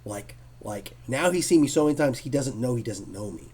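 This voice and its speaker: A man, a comic artist being interviewed, telling stories in a casual, animated way and acting out what others said. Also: medium pitch, fast, breathy edge. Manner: animated storyteller who acts out quotes.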